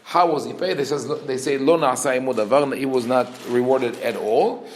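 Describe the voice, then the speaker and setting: In a Torah class, a male rabbi at medium pitch rattles off Hebrew verses rapidly before translating and explaining them. He performs the characters' dialogue with animated intonation, and the recording carries a noticeable room echo.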